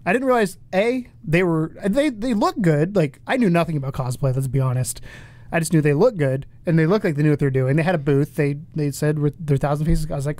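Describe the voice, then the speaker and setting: Male podcast co-host, fairly high voice, rapid chatter, dry close sound. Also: dry recording. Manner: quick, animated storytelling with restarts. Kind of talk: casual chat.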